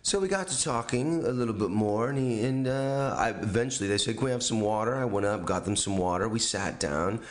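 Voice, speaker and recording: A man tells a funny story in a relaxed podcast chat. His voice sits fairly low, and he jumps up in pitch whenever he acts out what someone said. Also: fairly quick, few pauses. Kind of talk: casual anecdote.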